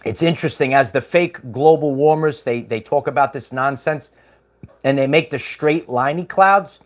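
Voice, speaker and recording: Speaking at a normal speed with a medium-pitched voice, a man hosts a livestream. His talk is casual and meandering, sprinkled with chuckles and plenty of filler words.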